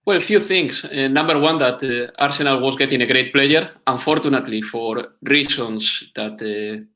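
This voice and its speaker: Bright-voiced man, hesitant guest. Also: mid-range voice. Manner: thoughtful, pauses with many uhs. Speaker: podcast guest. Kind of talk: casual interview answers.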